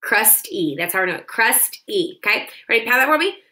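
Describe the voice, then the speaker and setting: A woman's voice: fairly high pitch, sing-song, a little fast, pushed and bright, poor audio. A young woman teaching children a phonics dictation lesson, sounding out words syllable by syllable into her phone.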